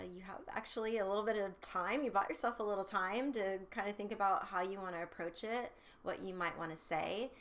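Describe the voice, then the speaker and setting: A woman's voice: mid-range voice, fairly bright tone. Chatty woman giving parenting advice. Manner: chatty, upbeat, conversational with fillers. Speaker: sexual health educator. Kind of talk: direct-to-camera parenting advice.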